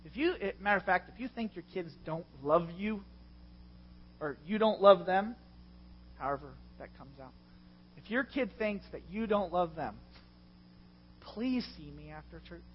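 A middle-aged man preaching a sermon as a pastor, passionate and confessional, with loud swells. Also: sits high, expressive, normal speed, pauses often, lo-fi sound, a little hiss or hum. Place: church.

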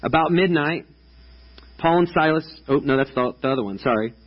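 Casual preacher in his thirties, chatty and loose, slightly raspy voice, dull lo-fi sound. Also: a little high, brisk. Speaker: pastor. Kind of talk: sermon. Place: church stage before a congregation.

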